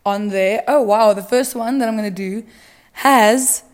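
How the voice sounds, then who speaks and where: A woman's voice: on the high side, measured pace. A young woman from South Africa hosting a solo podcast, chatting casually with dramatic rants and plenty of filler words. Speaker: podcast host.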